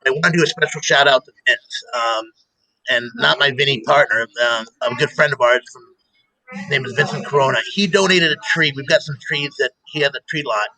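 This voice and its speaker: A man hosting a show, chatting casually and telling animated stories with laughter. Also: mid-range voice, brisk, low-quality recording. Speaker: show host. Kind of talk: casual chat.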